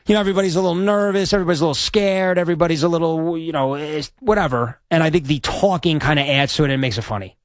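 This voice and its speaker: A man with a fairly high voice rambles on as a sports radio host, chatty and self-deprecating. His voice is close and dry, with no room sound around it. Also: no echo. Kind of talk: casual radio chat. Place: radio studio.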